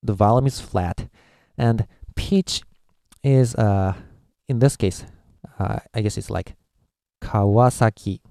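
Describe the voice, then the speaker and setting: A man's voice: on the low side, slow pace, creaky, pauses often, dark tone, no echo, clean studio sound. A man from Japan, a native Japanese speaker with a Japanese accent, giving a casual language lesson, hesitant with many filler uhs as he sounds out syllables. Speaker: language teacher.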